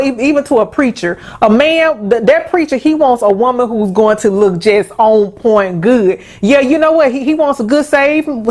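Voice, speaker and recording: A woman hosting a casual advice talk, emphatic and folksy, often stumbling over restarts. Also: fairly high pitch. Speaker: host.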